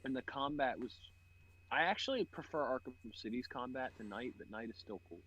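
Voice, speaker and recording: A man's voice: medium pitch, animated, brisk, fairly bright tone, breathy edge, rough recording. A young man co-hosting a podcast, chatting casually and laughing about video games while he plays, swearing often. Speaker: podcast co-host. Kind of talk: casual gaming chat while playing.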